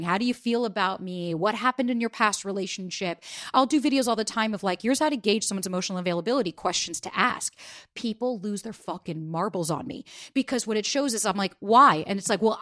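A woman dating coach speaking candidly as an interview guest, quick and animated, acting out quoted lines with playful voices and casual swearing. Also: medium pitch.

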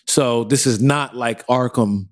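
A man co-hosting a podcast, chatting casually in an animated way. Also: mid-range voice, unhurried. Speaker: podcast co-host. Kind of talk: casual chat.

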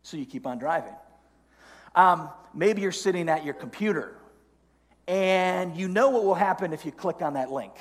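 A man's voice: sits high, moderate pace, in a large hall. A middle-aged man preaching a sermon as pastor, telling stories animatedly. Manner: storytelling, animated, acts out inner voices. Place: church sanctuary.

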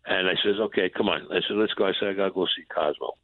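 Over a tinny phone line with no echo, a man with a low voice speaks fast as an interview guest. Once a mob enforcer, he tells a story by acting out both people in old conversations, using blunt, profane street language.

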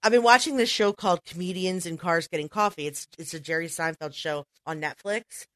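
A woman co-hosting a podcast in casual chat, who breaks into quick impressions as she talks. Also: lowish voice, a bit bright, dry recording. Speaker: podcast co-host.

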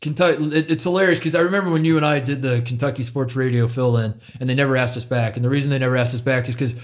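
A man's voice: medium pitch, steady tone, racing. A man from Ohio co-hosting a sports podcast, chatting casually and with animation. He stumbles and repeats words as he gets going, and laughs often along the way.

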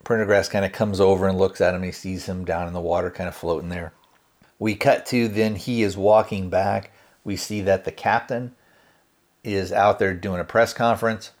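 A man with a fairly low voice recaps a movie for his podcast in a loose, relaxed way. He strings the scenes together with fillers and slips the characters' lines into his own everyday voice. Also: moderate pace. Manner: relaxed, hedging with fillers like kinda and you know. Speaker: podcast host reviewing a film. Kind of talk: casual spoken movie recap.

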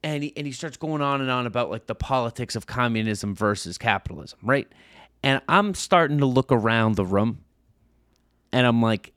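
A man's voice: medium pitch, normal speed, no echo, clean studio sound. A man in his thirties, a podcast co-host, telling a casual story and acting out the people in it. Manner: animated storyteller, acts out overheard voices.

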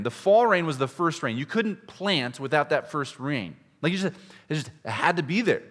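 A male pastor from Iowa preaching a conversational sermon, swinging between loud, emphatic stretches and hushed, low asides. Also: big-room sound. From Iowa, USA. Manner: conversational, with restarts and direct questions to listeners.

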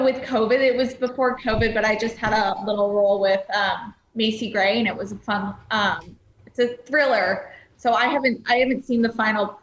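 A woman's voice: mid-range voice, echoey room, dull audio, slight background noise. A woman guest on a video call, talking casually with many fillers. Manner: relaxed, rambling, with fillers. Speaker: guest actress.

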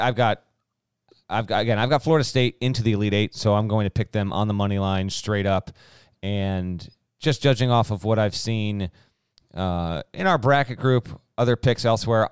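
A man's voice: on the low side, clear, resonant tone, dry recording, studio quality. A young adult man co-hosting a podcast, chatting casually about college basketball picks and reeling off stats. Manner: chatty, stat-heavy, restarts sentences. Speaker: podcast co-host. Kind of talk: casual sports betting chat.

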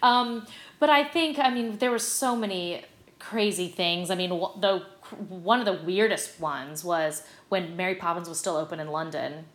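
A middle-aged woman, a stage actress, telling stories as a guest in a casual interview, animated and full of fillers. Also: on the low side, normal speed. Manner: animated, chatty, lots of fillers. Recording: roomy echo.

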